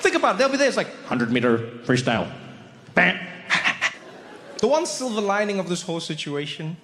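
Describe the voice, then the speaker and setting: A man's voice: sits high, sing-song, a little fast, sharp tone, in a large hall, a little hiss or hum. A man performing stand-up comedy on stage, telling stories in a playful way and acting out voices. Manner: playful storytelling, acts out voices. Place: comedy stage before a live audience.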